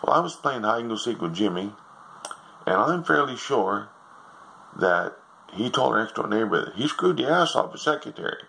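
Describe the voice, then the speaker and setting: A man's voice: lowish voice, very animated, normal speed, creaky, bright, forceful tone, voice pushed up, heavily acted, rough recording. A man voicing a confused little boy who asks earnest, innocent questions. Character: puzzled little boy at the dinner table.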